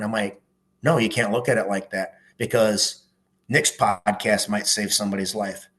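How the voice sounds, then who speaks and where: A middle-aged man with a somewhat low voice speaks as a podcast guest. He talks earnestly and emphatically in casual conversation, dropping curse words and calling the host "man.". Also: fairly bright tone, low-quality recording. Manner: earnest and emphatic, swears often, keeps adding "man". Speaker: podcast guest, former police officer.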